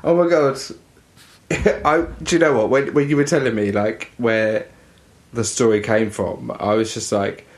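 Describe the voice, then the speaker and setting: A man's voice: mid-range voice, measured pace. A man co-hosting a podcast, reacting with enthusiasm and laughing easily in casual chat. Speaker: podcast co-host.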